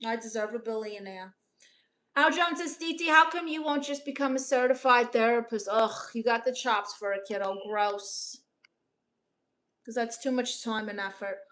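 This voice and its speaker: Deadpan, sarcastic woman livestreamer. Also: fairly high pitch, moderate pace. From Brooklyn, New York. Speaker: livestream host reading chat. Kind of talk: casual livestream chat. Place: home in Los Angeles.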